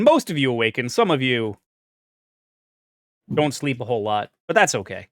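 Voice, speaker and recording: A man's voice: medium pitch, sing-song, unhurried, pauses often, dry recording, studio quality. A young man narrating as game master, rambling with fillers and restarts.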